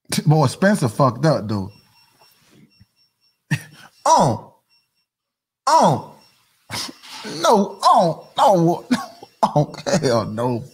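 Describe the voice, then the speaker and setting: A man hosting a podcast, delivering a loud comedic rant, mocking, repeating catchphrases and laughing often. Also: sits high, slightly rough. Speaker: podcast host.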